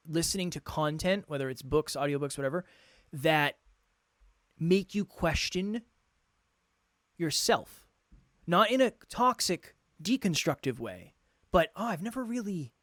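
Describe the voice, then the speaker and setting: Animated man musing on a podcast. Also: on the high side, dry recording, clean studio sound. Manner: animated, restarts thoughts, self-deprecating jokes. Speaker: podcast co-host. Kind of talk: casual conversational podcast.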